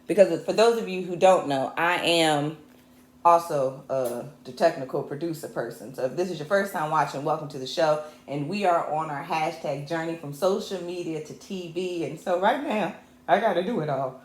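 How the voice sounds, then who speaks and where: A woman's voice: low-pitched, normal speed, echoey room. A woman hosting a livestreamed talk show on her own, impassioned and joking, calling her viewers y'all. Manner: impassioned and fired up, mixing jokes with anger; chatty, addresses viewers as y'all. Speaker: host and technical producer. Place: home show set. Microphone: camera mic.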